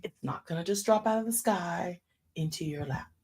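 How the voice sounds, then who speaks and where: A woman's voice: on the low side, normal speed, husky. A woman in her fifties giving an informal sermon, telling stories and calling her listeners y'all. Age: 50s. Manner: animated storytelling, addresses listeners as y'all. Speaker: church speaker.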